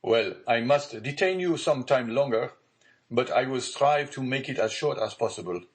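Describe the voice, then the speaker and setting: A man's voice: mid-range voice, lively intonation, moderate pace, pitched above the performer's own voice, natural voice. A man reading the part of a pale, frightened magistrate who gives urgent, tense orders. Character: pale frightened male magistrate, anxious, commanding.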